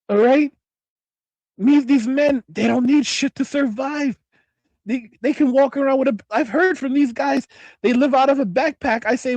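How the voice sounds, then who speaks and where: A man's voice: extremely high pitch, moderate pace, a little mellow, dry recording, highs cut off. A man hosting a late-night livestream, ranting with mock outrage, heavy swearing and emphatic repetition. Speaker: livestream host. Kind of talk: profane late-night rant.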